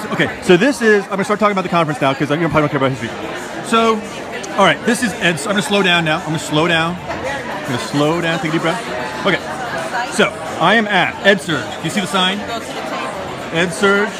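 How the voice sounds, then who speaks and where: Flustered man livestreaming from a conference. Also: sits high. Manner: flustered, rambling, self-narrating. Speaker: livestreaming attendee. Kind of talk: casual live-stream chatter. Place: busy conference hall with people chatting. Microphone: phone held in hand. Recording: loud crowd chatter behind.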